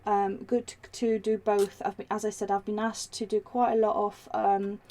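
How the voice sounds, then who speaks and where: A woman's voice: mid-range voice, level tone, normal speed, mellow. A woman hosting a live craft demo, chatting in a rambling way with many ums and restarts, reading out viewer comments as she works. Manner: reads viewer comments aloud while working.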